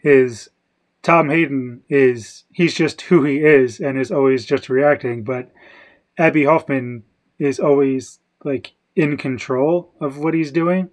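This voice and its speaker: A man's voice: medium pitch, slow pace. A man co-hosting a podcast, discussing a film casually and second-guessing himself as he thinks aloud. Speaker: podcast co-host.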